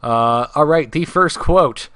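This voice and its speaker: A man's voice: fairly high pitch, slow pace, fairly bright tone, clean tone, no room sound, studio quality. A man co-hosting a casual live podcast, running a trivia segment and reading quotes with playful emphasis.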